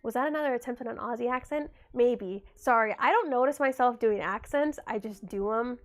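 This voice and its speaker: Young woman streamer, slightly higher voice, easygoing chat with viewers, a little under the weather. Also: fairly quick. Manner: chatty, reads and answers chat aloud. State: getting over a cold. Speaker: livestreamer. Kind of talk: casual livestream chat.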